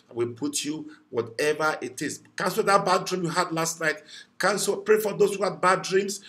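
A fervent pastor with a high-pitched voice leads a morning prayer. He preaches in repeated declarations and breaks into praying in tongues. He calls his listeners to decree the verse aloud. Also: a bit bright. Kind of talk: morning devotional prayer and sermon.

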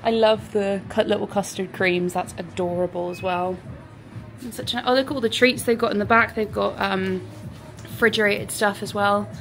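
A woman's voice: mid-range voice, steady tone, normal speed, gravelly, fairly bright tone, faint music behind. A young woman chatting to camera in a casual vlog, bubbly, breaking into a sing-song voice for her dogs. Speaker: vlogger.

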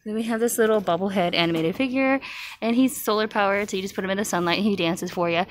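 A woman chats her way down a store aisle, reading out prices and gushing over cute decorations. Her voice sits at a middle pitch. A faint hum of shop noise runs behind her. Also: fast talker. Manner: chatty, listing prices, cooing over cute items. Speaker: shopping vlogger. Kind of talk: casual store walkthrough narration. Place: large retail store aisle.

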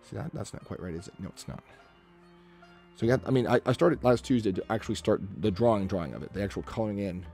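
A man's voice: fairly low pitch, animated, fast talker, gravelly, a little mellow, faint music behind. A man chatting casually with his stream chat while he draws, rambling and muttering to himself as he works. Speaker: artist livestreaming a drawing session.

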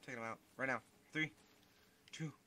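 Profane, excitable man commenting on gameplay. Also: mid-range voice, normal speed. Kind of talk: let's play commentary. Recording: voice over loud game gunfire noise.

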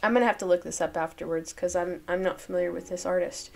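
A woman's voice: lowish voice, fairly even intonation, fast talker, gravelly, faint music behind. A woman reading old newspaper articles aloud and breaking off for chatty, think-aloud asides.

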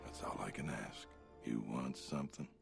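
An actor playing a gruff, blunt, middle-aged male militia captain in a video game, with a gravelly voice and a terse, world-weary manner. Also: a bass voice, normal speed, exaggerated voice. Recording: game audio with faint music.

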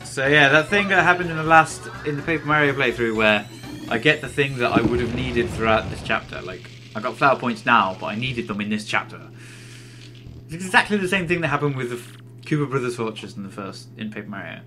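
A man's voice: mid-range voice, brisk, noisy background. A young man giving casual let's-play commentary, rambling and swearing freely. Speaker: gameplay commentator.

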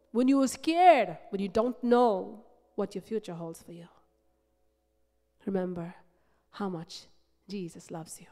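In a church sanctuary, a woman delivers a passionate, emphatic sermon, repeating phrases as she moves between loud build-ups and soft, low passages. The church hall gives the recording a long reverb.

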